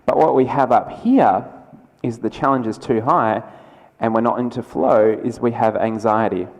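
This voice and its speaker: Aussie guy giving a keynote, chatty and quick, mid pitch, big echoey lecture hall. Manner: conversational and energetic, with quick asides and restarts. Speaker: keynote speaker. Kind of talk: conference keynote talk. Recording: lecture hall with long reverb.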